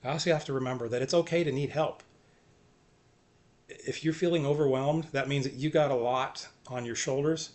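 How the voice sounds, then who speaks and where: Guy talking about faith and getting through hard days, earnest, soft, lots of short repeated lines. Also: medium pitch, fairly even intonation, moderate pace. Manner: earnest, self-encouraging, repeats short phrases. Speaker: faith vlogger. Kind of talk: personal faith talk to camera.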